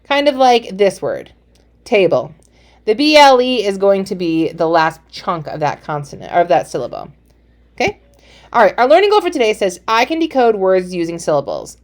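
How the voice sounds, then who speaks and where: A woman's voice: medium pitch, darkish tone. A young woman teaching a recorded phonics lesson, speaking to young children in a chatty, encouraging way and calling them friends.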